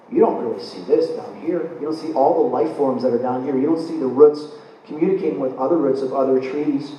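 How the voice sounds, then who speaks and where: A man lectures on spiritual matters in a lively, storytelling way, his pitch a touch high and swinging widely as he acts out his own reactions. He was recorded from out in the audience, so the voice sounds distant in a very echoey room, with a faint hum of room noise behind. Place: lecture hall.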